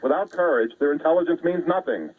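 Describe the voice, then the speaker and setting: Male radio guest, tinny phone line, lively pitch, husky, assertive. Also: quick pace. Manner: assertive, lecturing. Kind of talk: radio interview over the phone.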